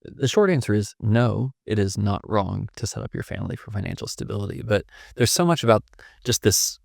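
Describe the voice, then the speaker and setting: A man who is a pastor chats in a loose, joking way. His voice has a gravelly edge. The sound is dry and close. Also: fairly low pitch, expressive, fairly quick, dry recording. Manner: playful, joking. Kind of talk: casual conversation.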